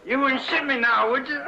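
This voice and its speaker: An actor playing a crude, wisecracking frontier saloon owner who jokes and swears in a coarse way, in 1970s western film acting. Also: male voice, fairly low pitch. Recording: dull old film soundtrack with hiss.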